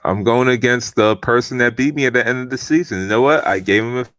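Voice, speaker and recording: A young adult man co-hosting a podcast over a remote call, talking in quick, brash bursts and repeating himself. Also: mid-range voice, fairly bright tone, no room sound. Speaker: podcast co-host. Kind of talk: casual chat. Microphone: remote call microphone.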